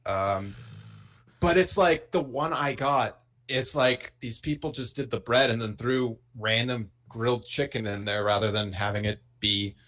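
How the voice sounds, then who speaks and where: A man's voice: mid-range voice, measured pace, fairly bright tone. Laid-back man co-hosting a podcast. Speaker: podcast co-host. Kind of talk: casual chat.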